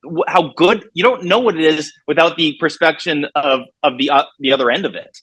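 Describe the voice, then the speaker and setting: A man who is a guest on a podcast interview, speaking reflectively and haltingly with frequent restarts. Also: fairly high pitch, fairly bright tone, breathy edge, no echo. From United States. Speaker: guest, army veteran. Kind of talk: casual interview chat.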